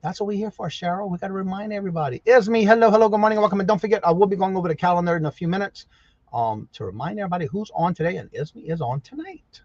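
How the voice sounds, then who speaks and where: Casting: male stream host, lively sing-song greetings, dry lo-fi sound. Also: high-pitched, racing, breathy edge, no room sound. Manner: greets viewers by name with a repeated welcome; rambling, folksy, self-correcting. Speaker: livestream host. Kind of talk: casual live-chat morning show.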